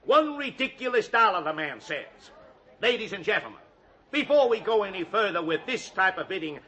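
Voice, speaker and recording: A showy auctioneer in an old radio sitcom, working the crowd with booming patter. His voice sits high and rings bright. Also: sing-song, moderate pace, heavily acted. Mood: selling. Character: fast-talking, showy male auctioneer. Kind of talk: 1940s radio comedy acting.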